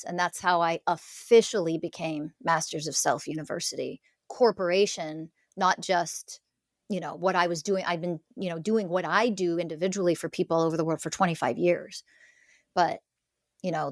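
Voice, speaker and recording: Earnest middle-aged woman, low voice. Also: fairly even intonation, moderate pace, dry recording, studio quality. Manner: earnest, emphatic, speaks in declarations. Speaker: podcast guest, spiritual teacher. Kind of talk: conversational interview.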